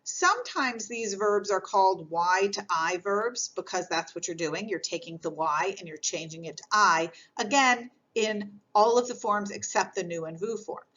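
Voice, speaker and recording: A woman explaining grammar in a recorded lesson, patient and clear, repeating key points as she goes. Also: mid-range voice, animated, moderate pace, few pauses, a bit bright, dull audio. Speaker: French teacher.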